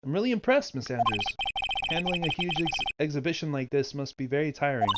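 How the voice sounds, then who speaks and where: Woman doing a low stammering young lawyer. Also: animated, fairly quick, very noisy. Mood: sheepish. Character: flustered young male defense lawyer. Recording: loud video game music behind.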